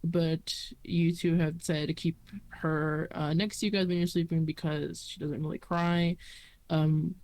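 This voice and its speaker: A game master narrating a tabletop role-play, pausing often and restarting sentences as the scene is described. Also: mid-range voice, little pitch movement, a little mellow. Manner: hesitant, lots of fillers and restarts.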